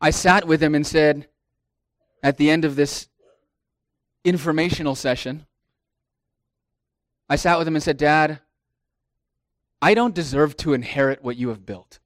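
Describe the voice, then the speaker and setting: A middle-aged man delivers a sermon from the pulpit, his voice sitting a little high for a man. He swells into emphatic declarations and then sinks to quiet, confiding asides. The sound is close and dry, with no room around it. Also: unhurried, pauses often, no room sound. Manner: preaching with swelling emphasis and dropping to hushed asides. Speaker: pastor.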